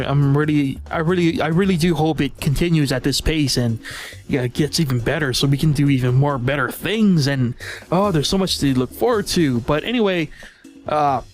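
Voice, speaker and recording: A man hosting a casual weekly gaming recap, rambling with laughs, his voice going hoarse. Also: a little high. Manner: rambling, laughs often, restarts. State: losing his voice. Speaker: channel host.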